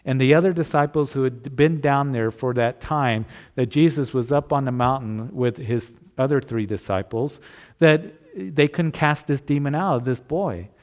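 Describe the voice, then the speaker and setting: A man's voice: mid-range voice, moderate pace. Earnest male pastor preaching a sermon. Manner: earnest, conversational preaching with restarts.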